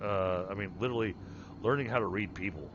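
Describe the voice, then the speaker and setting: A man chats casually while he plays, rambling, restarting sentences and poking fun at himself. His voice comes through a dull, lo-fi mic with steady noise behind it. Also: on the low side, fast talker. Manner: self-deprecating, rambling with restarts. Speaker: streamer and project manager. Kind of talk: casual chat while gaming.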